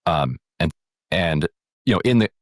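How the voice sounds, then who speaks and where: A man's voice: low-pitched, expressive, unhurried, no room sound, clean studio sound. A man co-hosting a political podcast, retelling news events in a casual way with lots of ums and quoted dialogue. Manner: retelling events with acted quotes, many fillers. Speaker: podcast co-host.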